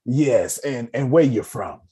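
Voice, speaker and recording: A man's voice: medium pitch, takes it slowly, a crowd in the background. A man hosting an online meeting on personal finance, talking casually and animatedly, joking and calling on listeners. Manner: animated, calls on listeners, joking, lots of restarts. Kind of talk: casual teaching talk.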